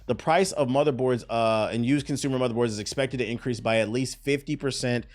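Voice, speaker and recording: A man hosting a casual gaming news show, telling stories in a profane, animated way. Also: medium pitch, brisk.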